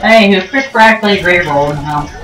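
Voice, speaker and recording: A woman giving rambling, joking commentary over gameplay, full of ums and restarts and sudden jumps in pitch. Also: quick pace, a bit bright. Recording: roomy echo, distant mic, faint game music.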